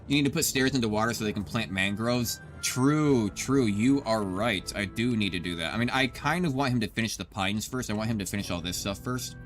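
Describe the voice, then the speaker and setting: A man's voice: lowish voice, fairly quick, few pauses, fairly bright tone. A man in his thirties giving casual, rambling gameplay commentary as a streamer, swearing often and talking to his chat. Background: background music.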